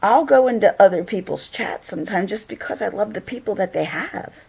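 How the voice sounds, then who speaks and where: A woman's voice: medium pitch, lively intonation, fairly quick, gravelly, a little mellow, breathy edge. A woman hosting a casual livestream chat, greeting viewers and laughing often as she talks. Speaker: livestream host.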